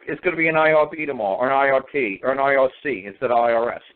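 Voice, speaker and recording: Over a tinny phone line, a man with a mid-range voice races through an emphatic, repetitive rant as a guest on a casual call-in talk show.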